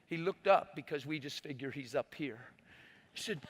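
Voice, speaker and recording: A man's voice: on the high side, moderate pace. A man pastor preaching a sermon, telling a story with emphasis and acting out the people in it.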